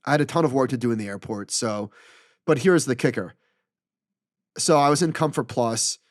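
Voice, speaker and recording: A middle-aged man co-hosting a podcast, telling a story in an animated, exasperated way and acting out the dialogue. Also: mid-range voice, moderate pace, no echo, studio quality. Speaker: podcast co-host. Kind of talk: casual storytelling chat.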